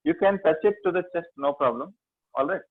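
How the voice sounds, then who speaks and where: A man with an Indian accent teaching a yoga class, giving halting instructions with many fillers. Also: on the high side, no room sound. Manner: slow, halting instructions with many fillers, chanting and singing tones. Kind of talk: guiding a mudra and mantra class. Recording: dry, phone-like lo-fi sound.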